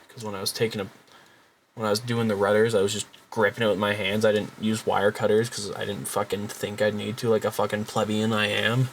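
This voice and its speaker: A young man rambling in a casual show-and-tell vlog, swearing a lot and getting excited as he talks. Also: lowish voice, a little hiss or hum. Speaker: hobby vlogger.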